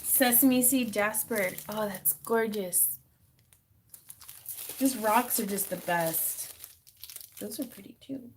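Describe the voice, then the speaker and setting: A woman hosting a craft livestream from her home craft room, excitable and quick to gasp and laugh as she talks into a phone. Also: mid-range voice, slight background noise. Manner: excitable, gasping and laughing over gifts. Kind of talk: casual live stream chat.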